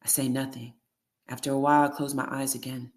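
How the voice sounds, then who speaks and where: Flat, steady memoir reader. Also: mid-range voice, brisk. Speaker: audiobook reader. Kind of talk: first-person memoir reading.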